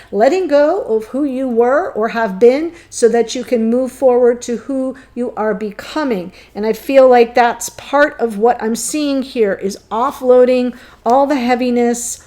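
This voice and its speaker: A woman's voice: fairly high pitch, mellow. A woman reading tarot cards alone to her viewers, talking in an earnest, flowing way with frequent ums. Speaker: tarot reader. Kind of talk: solo tarot reading to camera.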